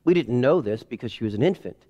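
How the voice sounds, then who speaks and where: A man in his forties preaching a sermon in a casual, animated way, acting out family scenes. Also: medium pitch, fast, muffled recording. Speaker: pastor. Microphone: headset or lapel mic.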